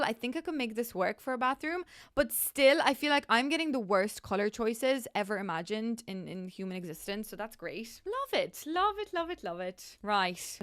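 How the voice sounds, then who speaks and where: A woman's voice: mid-range voice, fairly bright tone, clear, resonant tone. A young woman giving chatty, self-mocking commentary as she builds in a video game. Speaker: gaming YouTuber. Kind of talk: casual gameplay commentary.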